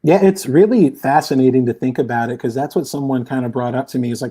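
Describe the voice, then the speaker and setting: A man's voice: mid-range voice, fast, mellow, slightly rough. A man guesting on a live podcast, talking in a loose, rambling way with lots of restarts over a remote call. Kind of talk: casual chat. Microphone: headphones or headset, remote call.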